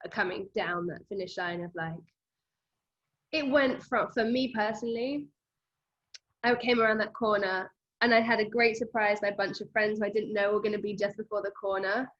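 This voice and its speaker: A woman's voice: medium pitch, moderate pace. A woman host, telling a story in an emotional, conversational way and acting out her own thoughts. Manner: animated, quotes herself in lively bursts. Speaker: running coach and podcast host. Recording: slightly dull lo-fi audio.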